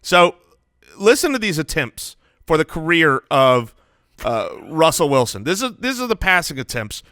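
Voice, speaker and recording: A man co-hosting a fantasy football podcast, animated and playful, joking between stats. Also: a little high, normal speed, no room sound, clean studio sound. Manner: animated, playful, jokes and sings snippets. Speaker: podcast co-host.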